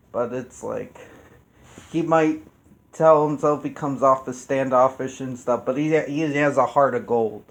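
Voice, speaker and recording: Male reviewer, casual chat, profane and rambling, ordinary mid pitch. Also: steady tone, unhurried. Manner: rambling, profane, restarts often. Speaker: YouTube reviewer.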